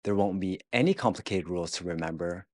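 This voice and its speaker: A man teaching a language lesson in a scripted, careful way, repeating words slowly to show how they are said. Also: low-pitched, darkish tone, dry recording. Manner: slow, careful, demonstrates pronunciation by repeating words.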